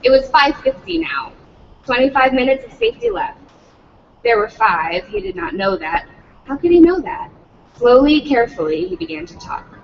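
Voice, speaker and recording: A woman's voice: sits high, sing-song, normal speed, creaky, long reverb tail, far from the mic, highs cut off, a little hiss or hum. A woman reading a novel aloud at a public read-in, slipping profanity into the text. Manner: adds profanity, breaks off laughing.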